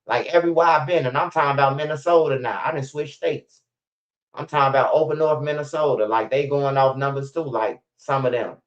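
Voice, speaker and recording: A middle-aged Chicago man tells stories in a rambling, profane street-talk monologue. His mid-range voice holds a steady tone and moves a little fast. The lo-fi recording is slightly muffled.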